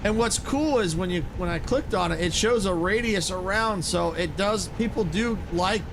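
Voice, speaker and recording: A man giving casual, excitable commentary while playing a video game, exclaiming and laughing often. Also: high voice, moderate pace, noisy background. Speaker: gaming streamer.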